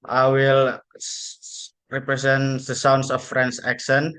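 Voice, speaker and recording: Young man, student presenter, mid-pitched voice, plain reading, occasional repeats. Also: completely flat delivery, unhurried, a bit bright.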